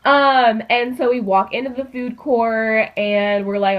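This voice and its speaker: A teenage girl telling a story in a casual, chatty way, with lots of fillers and an animated delivery. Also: on the high side, a little slow. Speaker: vlogger. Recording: dull lo-fi recording.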